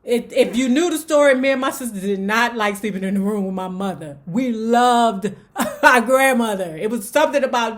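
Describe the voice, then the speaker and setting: A woman's voice: normal speed, hardly any pauses. A woman telling a family story casually and dramatically, with playful asides and exaggerated flourishes. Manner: dramatic, playful, shifts into high voices for quotes. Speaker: storyteller vlogger.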